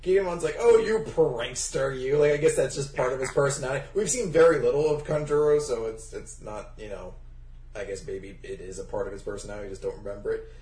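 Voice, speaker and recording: A man's voice: mid-range voice, fast talker, darkish tone, recorded from a distance, a little hiss or hum. A man in casual chat, talking enthusiastically and loosely with a co-host. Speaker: podcast co-host. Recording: roomy, a bit off-mic with faint ambience.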